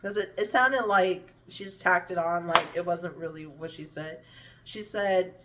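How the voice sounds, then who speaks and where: A woman's voice: on the low side, unhurried, distant mic, noisy background. A woman speaking candidly to camera, her thoughts meandering and often trailing off before she restarts them. Her speech is a little slurred from hunger, with frequent swearing, and she sits somewhat back from the microphone. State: hungry, slurring words a little. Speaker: vlogger. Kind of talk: candid personal storytelling to camera.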